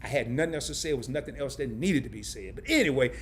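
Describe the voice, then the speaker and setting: A man's voice: mid-range voice, animated, fast talker, slight background noise. A middle-aged man from a small town in Arkansas, hosting a live stream and chatting casually in a joking, rambling way. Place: indoors under camera lights.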